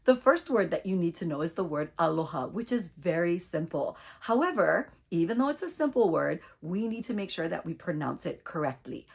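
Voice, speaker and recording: A woman teaching a short online language lesson, speaking clearly and deliberately as she leads repeat-after-me drills. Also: lowish voice, animated, a little mellow, faint music behind.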